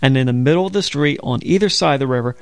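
Bible show co-host, man with a gravelly voice, earnest, dry studio sound. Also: mid-range voice, very fast, dry recording. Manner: earnest storytelling, quotes scripture. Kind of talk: conversational religious broadcast.

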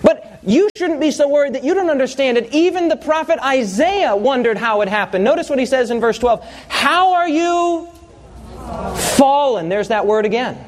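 A man's voice: very high voice, a little fast, hardly any pauses, darkish tone. A pastor preaching a sermon, telling humorous stories and quizzing his congregation.

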